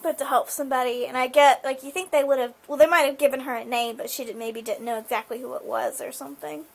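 A woman's voice: high voice, steady tone, quick pace, gravelly, slight background noise. A woman casually recapping a TV episode, chatty and full of fillers like "like" and "um". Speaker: show recapper.

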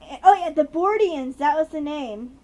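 Recapping a TV episode as a podcast co-host, this woman speaks in a high, animated voice with a dark tone at normal speed. She has a slight Southern accent and rambles chattily, dropping in fillers along the way.

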